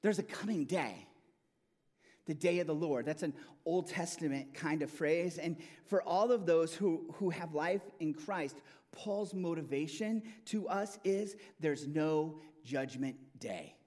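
A man preaching a sermon as pastor, emphatic and animated, often restarting and repeating words. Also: fairly high pitch, unhurried. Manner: animated, emphatic preaching with rising and falling intensity.

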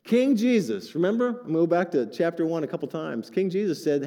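An older man preaching a sermon to his congregation, animated and joking with asides. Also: fairly high pitch, fairly quick, big-room sound. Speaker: pastor.

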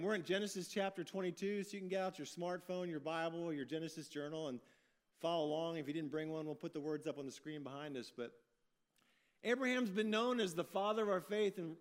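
Man, pastor preaching, high-pitched voice, folksy and upbeat, restarts phrases. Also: a little fast. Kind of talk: sermon.

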